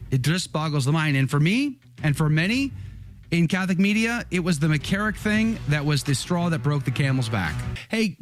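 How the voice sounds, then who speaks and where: Indignant man hosting, voice slightly high. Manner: indignant, rhetorical questions. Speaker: host. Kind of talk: pointed interview questioning.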